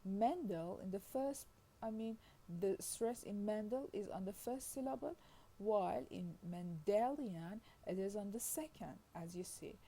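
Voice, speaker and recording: A woman with an animated, medium-pitched, dark-toned voice gives a linguistics lecture in a rough recording. Reading slowly and carefully from slides, she keeps adding "I mean" and "you see" and stretches out example words as she explains.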